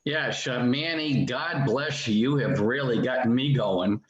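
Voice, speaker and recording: Man in his 70s, slow-paced, earnest and emotional, roomy dull call audio. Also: medium pitch. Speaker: caller. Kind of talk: casual call-in sharing.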